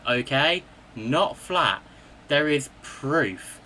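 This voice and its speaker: A man speaks slowly and with emphasis, sounding exasperated. His voice is bright and edged, and it swings widely in pitch. Faint noise sits behind him. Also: sing-song. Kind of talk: casual ranting commentary.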